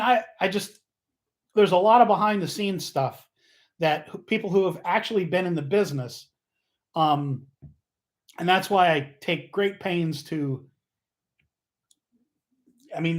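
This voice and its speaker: A man hosting a casual livestream, rambling and joking, often losing his train of thought and getting loud and fired up. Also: fairly high pitch. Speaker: livestream host.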